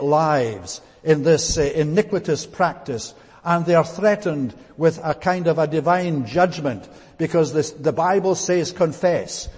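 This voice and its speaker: Husky preacher in a reverberant hall. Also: male voice, on the high side, a little mellow. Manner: deliberate, teacherly, with frequent "uh" fillers. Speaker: pastor. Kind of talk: expository Bible sermon.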